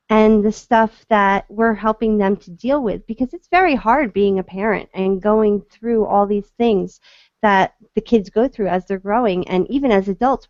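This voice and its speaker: A middle-aged woman talks through a personal story in an earnest, unpolished way, often restarting her sentences. Her voice sits at an ordinary pitch. The audio is dry and a little dull, like a lo-fi call. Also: dry recording. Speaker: guest speaker, court advocate. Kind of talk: casual storytelling talk.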